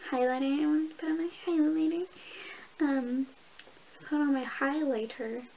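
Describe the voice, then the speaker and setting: In a casual get-ready-with-me session, a young woman who vlogs about beauty talks and tells stories as she applies makeup, frequently cursing and laughing. Her voice is high-pitched and a little mellow, her pace a little slow, and the rough recording has some hiss or hum.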